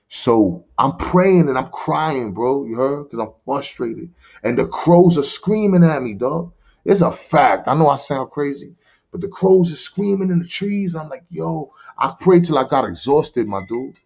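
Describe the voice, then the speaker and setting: A man's voice: mid-range voice, lively intonation, unhurried, vocal fry, a little mellow. A man from the Bronx, a podcast guest telling his life story in streetwise slang and often asking "you heard?". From the Bronx, New York. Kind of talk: personal testimony in casual conversation. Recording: dull lo-fi recording.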